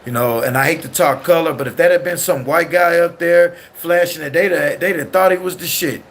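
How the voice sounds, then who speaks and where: A man's voice: on the high side, a little fast. A man with a California accent and Southern slang, hosting a casual livestream and talking loosely and ramblingly to his chat. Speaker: livestream host.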